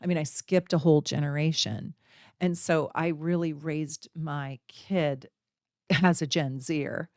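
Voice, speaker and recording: Host, woman, 40s: low, dusky voice, close and dry, chatty and animated with her audience. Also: unhurried, no echo. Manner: animated, repetitive, chatty with viewers. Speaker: astrology channel host. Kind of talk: casual direct-to-camera talk.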